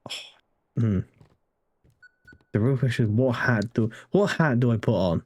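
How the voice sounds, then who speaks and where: A young British man chats through a game stream. He jokes and rambles between story lines. His voice sits in an ordinary middle pitch. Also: animated, unhurried, darkish tone, muffled recording. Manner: joking, rambling. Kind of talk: casual game commentary.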